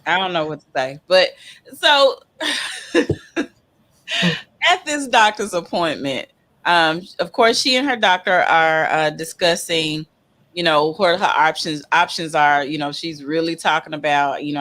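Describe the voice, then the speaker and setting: A woman's voice: sits low, animated, a little slow, fairly bright tone. A middle-aged woman rambling and hesitating as she chats casually in a group recap. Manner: rambling, hesitant, laughs often.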